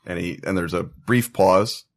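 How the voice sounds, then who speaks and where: A man's voice: sits low, unhurried. A man narrating as game master for a tabletop game, with many fillers. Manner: hesitant, lots of fillers.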